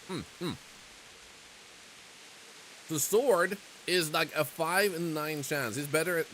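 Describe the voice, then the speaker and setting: A man's voice: on the high side, bright, forceful tone, slight background noise. A man streaming a game, commenting in a playful, joking way with frequent exclamations. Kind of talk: gameplay commentary.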